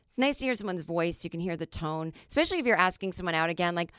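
Chatty woman podcast host, smooth voice. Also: fairly low pitch, quick pace, no echo, clean studio sound. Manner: chatty, animated storytelling with many fillers. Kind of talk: casual comedic monologue.

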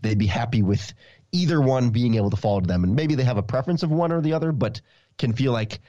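Male guest, casual sports talk, low voice, dull dry lo-fi audio. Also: animated, quick pace, warm tone, dry recording. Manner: talkative, repeats words as he thinks. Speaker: podcast guest.

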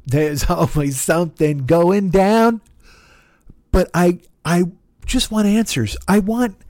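A man's voice: mid-range voice, a little mellow, no room sound. A man hosting a podcast, telling a frustrating story in a casual monologue, swearing often and acting out both sides of the conversation. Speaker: podcast host.

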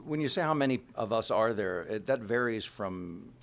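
A middle-aged voice actor from Kansas City, USA, talks casually in an interview, speaking at a moderate pace with a fairly low, creaky voice. He's animated and keeps slipping into character voices mid-sentence.

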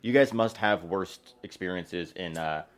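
A man interviewing guests backstage, brisk and upbeat. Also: deep voice, clear, resonant tone.

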